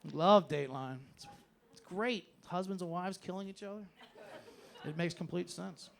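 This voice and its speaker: A man doing a stand-up comedy set on a club stage, telling stories in an animated way and breaking into shouted bits. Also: high-pitched, normal speed, vocal fry, a little hiss or hum. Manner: animated storytelling, bursts into shouted impressions.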